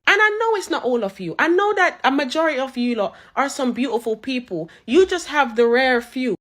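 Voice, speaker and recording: A woman's voice: high-pitched, expressive, a little fast, hardly any pauses, a bit bright. A woman, of Jamaican heritage, scolding bluntly in a casual video rant. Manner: blunt, scolding, then pleading. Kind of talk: casual social media rant.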